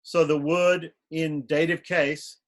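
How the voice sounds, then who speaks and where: A man with a somewhat raised pitch teaches a class on ritual. He explains patiently and step by step, and breaks into short chanted mantras as he goes. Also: flat delivery, slow pace. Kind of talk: online class lecture.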